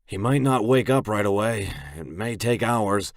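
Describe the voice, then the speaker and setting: A man voicing a weary male doctor, steady and insistent, in an audiobook. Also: fairly low pitch, unhurried, gravelly, dry recording, clean studio sound, voice pushed up. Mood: firm, pleading.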